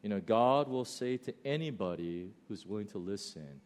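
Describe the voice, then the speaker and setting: A man with an American accent preaching a sermon, telling stories with loud bursts and slow, quiet emphasis. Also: on the low side, animated. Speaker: pastor.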